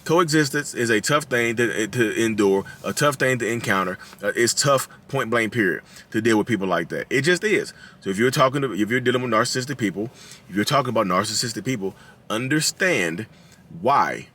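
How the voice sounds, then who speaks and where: Speaking a little fast in an expressive, medium-pitched, slightly bright voice, a man in his thirties with a Southern drawl hosts his channel. He talks casually to viewers, acting out quotes in a raised voice and laughing at his own jokes.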